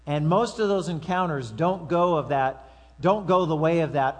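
A man delivers a sermon from the pulpit in an easy, conversational way. His voice sits a little high for a man. He slips into acted-out quotes and offhand asides as he preaches to the congregation. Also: normal speed. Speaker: pastor.

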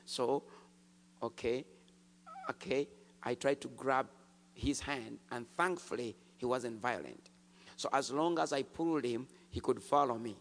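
A man preaching a testimony, telling his story with animated swings from hushed to shouted. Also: mid-range voice, unhurried, a little hiss or hum. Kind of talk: sermon testimony. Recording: long hall reverb.

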